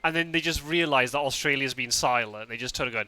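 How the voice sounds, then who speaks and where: A man's voice: medium pitch, fast, sharp tone. A Scottish man streaming a game live, chatting casually with his viewers, often laughing and restarting his sentences. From Scotland.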